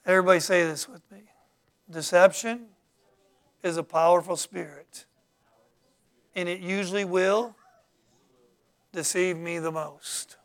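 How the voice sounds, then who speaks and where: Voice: mid-range voice, steady tone. A preacher teaching from the Bible in a sermon, reading verses aloud, explaining them, and calling out to the congregation for responses. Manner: halting, with many fillers and restarts.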